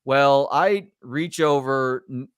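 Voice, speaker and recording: A middle-aged man, a sports talk show host, telling a story in a casual, animated and exasperated way, swearing now and then. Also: medium pitch, takes it slowly, clear, resonant tone, no room sound.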